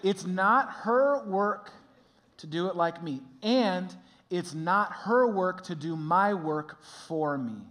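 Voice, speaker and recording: A middle-aged man, a pastor, giving an earnest sermon that turns animated when he tells stories. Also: high-pitched, slow pace.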